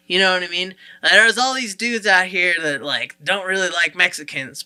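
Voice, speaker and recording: A man chatting on a casual podcast, swearing freely and laughing between jokes. His voice is strikingly bright and sharp. He rambles with loose filler words. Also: high voice. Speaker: podcast co-host.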